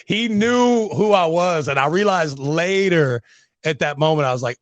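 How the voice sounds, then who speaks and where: A man hosting a casual podcast conversation, his voice sitting a little high for a man. He tells brash, competitive stories, calling his guest bro. The mic is close and the room dead dry. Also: expressive, moderate pace, dry recording. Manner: brash, storytelling, says bro a lot. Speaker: podcast host. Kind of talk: casual interview chat.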